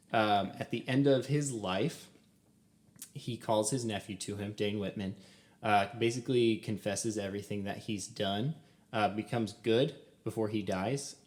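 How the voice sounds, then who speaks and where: A young man with a fairly low voice co-hosts a casual film podcast. He gushes over the story, laughs a lot and fills pauses with "um". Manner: excited, laughs often, many "um"s. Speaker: podcast co-host.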